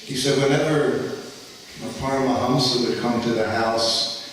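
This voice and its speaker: A man's voice: mid-range voice, steady tone, normal speed, a bit bright, slight background noise. A man casually telling a long anecdote to an audience, rambling with lots of "you know" and laughing along as he goes. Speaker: storyteller recounting memories at a festival. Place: large indoor festival hall. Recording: roomy hall, voice from far off.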